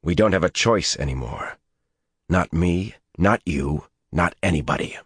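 A resolute young male leader, played by a narrator, speaking firmly and calmly with a very deep, dry voice. He sounds burdened but unyielding. He comes from a fantasy audiobook. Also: unhurried, husky, no echo, full character voice. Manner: firm, calm, heavy.

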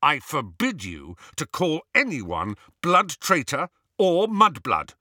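A fierce teenage boy wizard, put on by a man narrating a storybook. He gives orders with urgency and sounds bright and lively. The voice is dry and close. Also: mid-range voice, slow pace, no echo, full character voice. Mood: stern. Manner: urgent, commanding. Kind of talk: audiobook character voice.

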